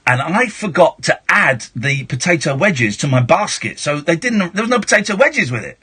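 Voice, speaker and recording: Chatty, bright-voiced man hosting late-night radio. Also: a little high, very animated, moderate pace, slightly rough. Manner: chatty, rambling, self-deprecating. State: out of breath. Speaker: radio host. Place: radio studio. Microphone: studio microphone.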